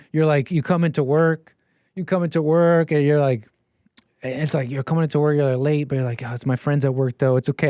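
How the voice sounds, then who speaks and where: A man's voice: on the high side, dark tone, dry recording. A man livestreaming, rambling casually with many repeats and restarts. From Canada. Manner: meandering, repeats words and restarts.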